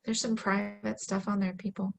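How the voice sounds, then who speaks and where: A woman's voice: mid-range voice, level tone, normal speed, vocal fry, rough recording. A woman chatting casually in a playful, upbeat way. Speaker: show host. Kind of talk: casual chat.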